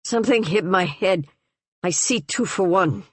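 A woman reading aloud, voicing an injured eunuch whose voice is weak, hoarse and short of breath. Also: fairly low pitch, unhurried, no room sound.

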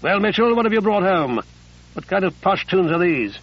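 A man voicing a brisk army captain who gives curt, raised orders, with a gravelly voice. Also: a little high, distant mic, dull audio. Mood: commanding.

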